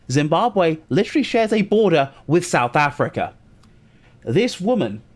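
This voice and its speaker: Chatty British man telling an anecdote. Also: fairly high pitch. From Britain. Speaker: podcast co-host. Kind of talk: casual chat.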